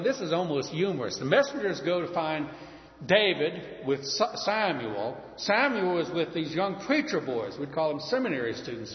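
Lively storytelling preacher in echoing hall. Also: male voice, fairly high pitch. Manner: storytelling, lively retelling with asides. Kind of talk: sermon. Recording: dull recording in a reverberant hall.

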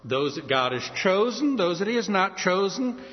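A man's voice: high voice, big pitch swings, moderate pace, long reverb tail, muffled recording. A man from New Orleans preaching a sermon, telling stories and acting out sing-song calls. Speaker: pastor.

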